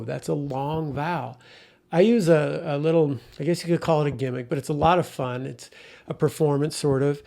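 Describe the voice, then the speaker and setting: A man's voice: on the high side, normal speed, creaky. A man who teaches first grade, explaining reading methods and sounding out letters as he demos. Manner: animated, sounding out letters for students. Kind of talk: instructional talk with demonstrations.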